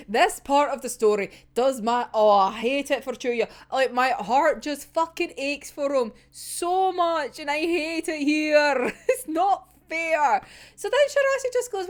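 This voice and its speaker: A woman's voice: sits high, expressive, measured pace. A young woman reacting to a manga chapter with a heated, sweary rant, laughing often.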